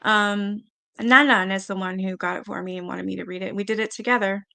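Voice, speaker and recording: A woman hosting a live-stream panel, chatting casually and reading viewer comments aloud with quick asides. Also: medium pitch, vocal fry. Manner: chatty, animated, quick asides and little laughs.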